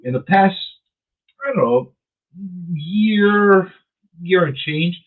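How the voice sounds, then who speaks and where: A man's voice: high-pitched, slow. Rambling man on a tinny line. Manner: chatty, rambling, animated when riled up. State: chewing gum while talking. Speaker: radio show host. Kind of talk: casual radio chat. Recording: phone-like narrow sound.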